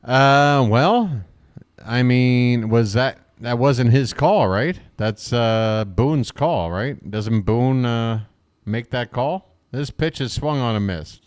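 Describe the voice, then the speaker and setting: A man speaks slowly while doing live fan play-by-play of a baseball game, cracking jokes, chatting, and responding to viewers in the chat between pitches.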